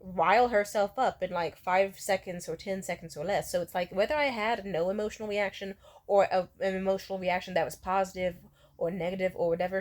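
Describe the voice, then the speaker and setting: A woman's voice: medium pitch, fairly quick. A young woman in her twenties telling a rambling, candid storytime vlog, swearing freely and slipping into quoted voices. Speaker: vlogger.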